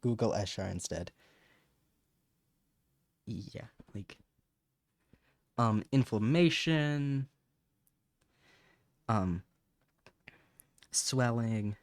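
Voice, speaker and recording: A man's voice: lowish voice, extremely slow, pauses often, no echo, studio quality. Chatty man hosting a science stream. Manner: chatty, reads chat aloud, laughs, stumbles over terms. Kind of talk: casual educational livestream.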